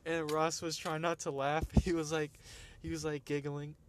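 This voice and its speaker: A man's voice: on the high side, level tone, normal speed, slight background noise. A young man casually retelling funny videos, rambling with restarts, laughing often and using plenty of slang. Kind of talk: casual storytelling chat.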